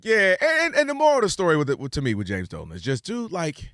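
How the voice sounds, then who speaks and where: A man co-hosting a sports talk show, chatting casually and expressively and quick to laugh along. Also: fairly high pitch, wildly swooping pitch, a bit bright, no room sound, studio quality. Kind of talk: casual sports radio chat.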